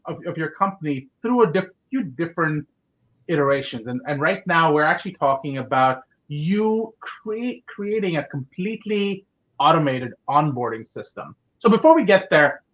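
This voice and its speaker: A man's voice: on the high side, fairly bright tone, muffled recording. A man hosting a casual interview podcast, talking in an upbeat way with many fillers and restarts. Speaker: podcast host.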